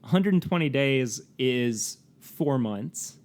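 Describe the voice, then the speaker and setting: In casual podcast banter, a male co-host goes over facts, filling the gaps with ums and laughs. He speaks slowly in a mid-range, darkish voice with lively intonation.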